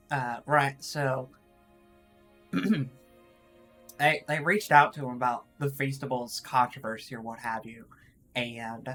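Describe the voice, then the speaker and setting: A man's voice: medium pitch, fairly bright tone. A man streaming live, chatting casually in a put-on East Texas accent, rambling and often laughing at himself. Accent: put-on East Texas drawl. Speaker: VTuber streamer.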